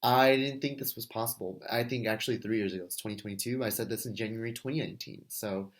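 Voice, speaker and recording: A man's voice: fairly low pitch, fast talker. A man in his twenties, a first grade teacher, talking through a class reflection in a casual, thinking-aloud way with fillers and restarts. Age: 20s. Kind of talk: recorded class discussion reflection.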